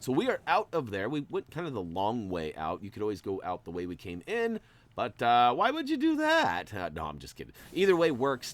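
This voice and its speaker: A man's voice: deep voice, a bit bright. A man hosting a gameplay walkthrough, talking in a playful, jokey, chatty way. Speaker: gaming channel host.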